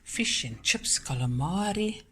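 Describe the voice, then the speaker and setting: A woman's voice: lowish voice, animated, unhurried, heavy background noise. A South African woman hosting a cooking channel, chatting in a homely way as she shows her guests' gifts and food at home. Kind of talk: casual vlog chat.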